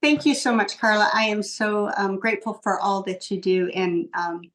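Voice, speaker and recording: A woman's voice: medium pitch, fairly even intonation, normal speed, fairly bright tone, poor audio. A woman in her sixties, a podcast guest talking earnestly in casual conversation, with many ums and restarts. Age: 60s.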